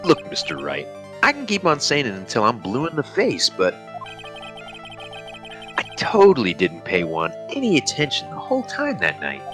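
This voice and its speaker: A man's voice: medium pitch, wildly swooping pitch, moderate pace, music in the background. A man voicing a laid-back young surfer dude with a drawling, slangy, evasive manner, fan voice acting a game.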